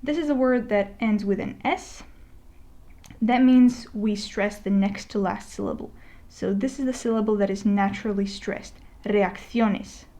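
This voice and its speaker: A woman teaching a Spanish lesson as a voice-over, talking in a relaxed, conversational way with fillers and restarts, slowing down to spell out example words. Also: medium pitch. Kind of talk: explaining a lesson over a digital whiteboard. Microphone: voice-over recording.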